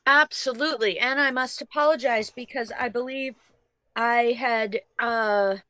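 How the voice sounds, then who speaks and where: A woman's voice: a little high, unhurried, sharp tone, dry recording. A woman co-hosting a casual show, reading out tips with upbeat thanks and dry comebacks. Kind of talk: casual chat.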